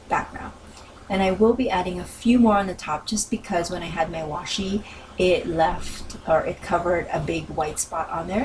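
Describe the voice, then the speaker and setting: A woman with a lowish voice narrates a crafting video as a casual voice-over, sitting far from the mic against a noisy background. She rambles with many ums and self-corrections, and her voice sounds worn from talking, as if she's losing it.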